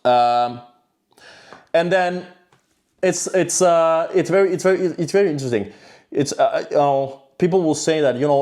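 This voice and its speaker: An expressive self-improvement vlogger talks to camera about discipline at a moderate pace, his medium-pitched voice darkish in tone. The monologue is blunt, profane and rambling, full of restarts and fillers.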